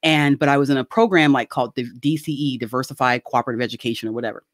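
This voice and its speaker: A middle-aged woman telling a casual story on a video call, animated and laughing often as she acts out quoted voices. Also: very deep voice, rapid-fire, no echo, studio quality. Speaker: guest.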